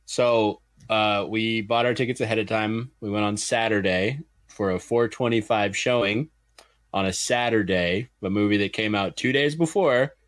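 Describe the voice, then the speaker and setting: A man in his thirties tells a rambling personal anecdote on a podcast. His voice sits low, and the sound is dry and close. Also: moderate pace, a bit bright, dry recording. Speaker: podcast co-host. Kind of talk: casual chat.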